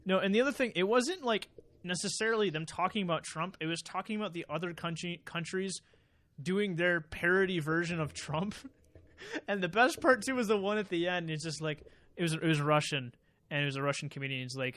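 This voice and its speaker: A man's voice: sits high, brisk, a bit bright. A young man co-hosting a podcast in a small studio, a chatty storyteller who laughs often. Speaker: podcast co-host. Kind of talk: casual chat. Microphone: desk mic.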